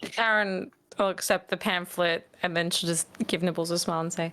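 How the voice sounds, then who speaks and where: A woman's voice: lowish voice, steady tone, moderate pace, a bit bright, faint music behind. Courteous woman playing a noble. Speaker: player. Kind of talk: in-character tabletop speech.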